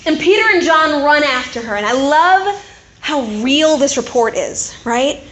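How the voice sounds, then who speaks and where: High voiced woman giving a chatty talk to the ladies, lots of "right?", roomy echo. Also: a little slow, a little hiss or hum. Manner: chatty and animated, with frequent tag questions. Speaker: speaker at a women's gathering. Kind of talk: conversational sermon.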